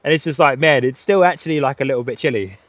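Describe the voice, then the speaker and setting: A man's voice: medium pitch, fast, no echo. A British man with an Australian and New Zealand twang, hosting a live plane-spotting stream outdoors at an airport, chatting and laughing often as he reads viewer messages. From United Kingdom. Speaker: livestream host.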